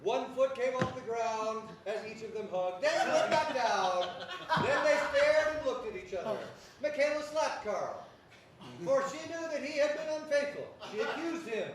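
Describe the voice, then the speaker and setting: A hammy, energetic man hosts and narrates a live improv show in a very high voice. He sounds far from the mic in a very echoey space, with clear noise behind. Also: moderate pace.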